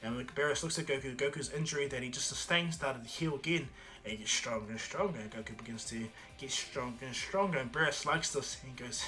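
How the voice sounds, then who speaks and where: Guy rambling thru a fan story, bright and kinda high, light music behind. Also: fast talker. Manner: rambling, loose, many fillers. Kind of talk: casual fan story retelling.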